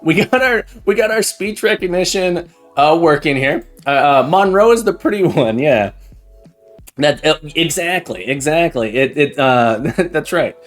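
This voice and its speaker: A man hosting a live coding stream, chatting excitedly and jokingly with viewers, often repeating words and restarting his sentences. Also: a little high, a little slow, faint music behind. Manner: laughs often and jokes with chat. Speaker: livestream coding host. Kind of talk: casual live-stream chat while coding.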